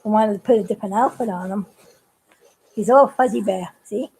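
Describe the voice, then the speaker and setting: A woman's voice: medium pitch, brisk, darkish tone, husky, low-quality recording. A woman who makes puppets, chatting casually and giggling as she shows how she builds them. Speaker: puppet maker. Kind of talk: casual craft demonstration.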